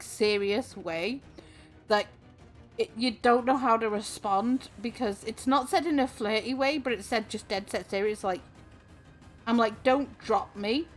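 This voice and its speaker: A Welsh woman in her twenties chatting on a stream, chatty and giggly with lots of fillers. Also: on the high side. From Wales. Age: 20s. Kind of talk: casual chat.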